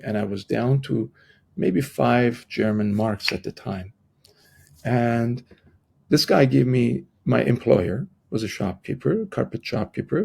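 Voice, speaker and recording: Gravelly middle-aged man telling a story. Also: mid-range voice. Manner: animated storyteller who acts out the voices of people he quotes; halting, with frequent restarts. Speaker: podcast guest. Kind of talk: conversational storytelling in an interview.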